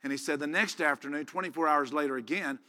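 A man's voice: on the high side, fast talker, bright, forceful tone, long reverb tail. A man preaching, retelling a personal story in a folksy, rambling way full of restarts. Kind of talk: storytelling sermon.

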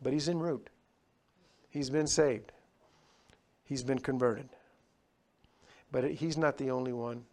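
A man preaching a sermon, swinging between loud, raised passages and quiet, lowered ones. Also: steady tone, slow, long pauses. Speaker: pastor.

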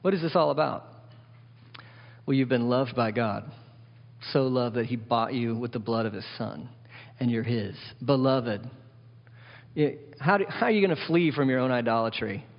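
A man's voice: mid-range voice, moderate pace, vocal fry, long pauses. A man preaching a sermon, his voice carrying a long echo through a large church hall. The sound is a little dull and muffled. He talks conversationally, tosses out rhetorical questions and hammers on repeated words. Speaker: pastor.

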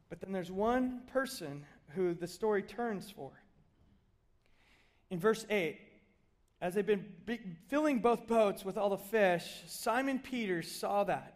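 High-voiced man preaching a conversational sermon. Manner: conversational, animated storytelling with acted asides. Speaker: pastor.

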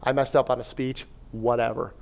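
A man giving a sermon-style talk, telling a personal story in an animated way, with fillers and acted self-talk. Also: mid-range voice, moderate pace, vocal fry. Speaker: speaker at a church.

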